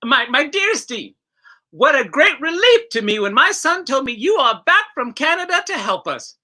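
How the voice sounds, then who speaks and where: A woman's voice: moderate pace, exaggerated voice. A woman reading as a stiff, overly polite scam letter writer. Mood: formal. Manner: stiff, formal letter reading with lively swings in pitch.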